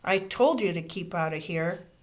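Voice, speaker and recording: A woman's voice: fairly low pitch, normal speed, lightly acted. A woman voicing a grumpy schoolboy traffic guard who speaks crossly and grudgingly.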